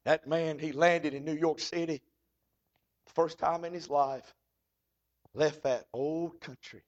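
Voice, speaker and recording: A man's voice: a little high, steady tone, takes it slowly. A man preaching a folksy, fervent sermon. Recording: dull lo-fi recording.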